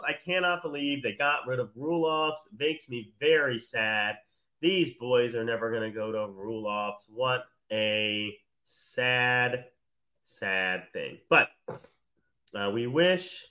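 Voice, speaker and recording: A man in his thirties hosts a live morning talk show in a loose, rambling monologue. He teases, laughs often, and his voice has a bright, forward edge at an ordinary male pitch. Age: 30s.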